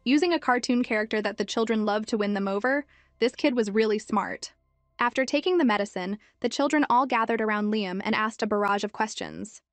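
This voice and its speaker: A woman reading a scripted story recap as narrator, in a steady storytelling manner. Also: a little high, brisk, no room sound. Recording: dry close mic with faint music.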